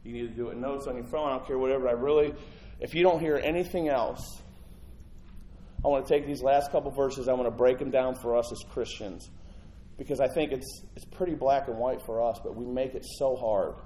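A male pastor preaching a sermon in an animated, conversational way, swinging from loud to hushed. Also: mid-range voice, brisk, a little hiss or hum, low-quality recording.

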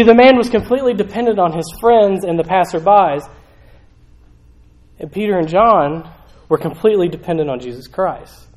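A man's voice: sits high, darkish tone, rough recording. A man preaching a casual sermon, conversational, acting out little voices as he tells the story.

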